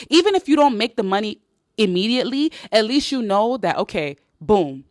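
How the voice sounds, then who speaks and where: A woman's voice: medium pitch, very animated, brisk, no echo, studio quality. Blunt, swearing Nigerian woman coach. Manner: blunt, swears, repeats lines for emphasis. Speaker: online business coach. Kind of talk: casual livestream pep talk.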